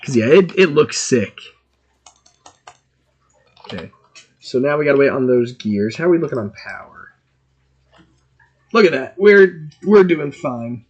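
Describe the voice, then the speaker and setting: A man streaming a video game, chatting casually and excitably while thinking aloud about what he is doing. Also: medium pitch, normal speed, long pauses, slightly rough, highs cut off. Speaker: gaming streamer.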